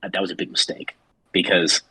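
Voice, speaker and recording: A man's voice: low voice, flat delivery, normal speed, sharp tone, breathy edge, no room sound, low-quality recording. A man on a podcast telling a long story in a casual, rambling way, full of fillers, and acting out the people he quotes. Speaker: podcast co-host.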